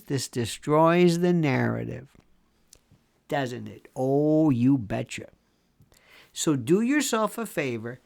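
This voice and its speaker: A man's voice: medium pitch, expressive, slow pace, gravelly, pauses often, a little mellow. A man in his sixties from Florida, a legal commentator giving a sarcastic solo monologue and sometimes dropping into mock whispers. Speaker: legal commentator and talk host.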